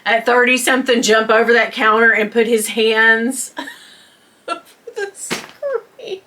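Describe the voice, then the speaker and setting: A bright, somewhat high-voiced woman in her fifties with a drawl chats to camera about an embarrassing story. She talks in an animated way, laughing as she goes and slipping into voices for the people she quotes. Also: slow, slight background noise. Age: 50s. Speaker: vlogger. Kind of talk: casual storytime chat to camera.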